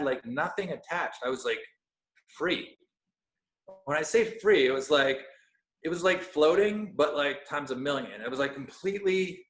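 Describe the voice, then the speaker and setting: A man's voice: fairly high pitch, fairly bright tone. A man in his thirties, a podcast guest, telling a personal story in an earnest way and searching for words with many fillers. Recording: echoey room.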